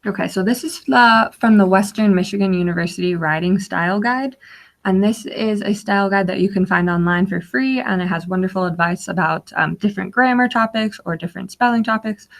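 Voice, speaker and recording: A woman's voice: medium pitch, fairly quick, vocal fry. A young woman giving an instructional webinar, explaining slides step by step with frequent fillers. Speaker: webinar guest speaker.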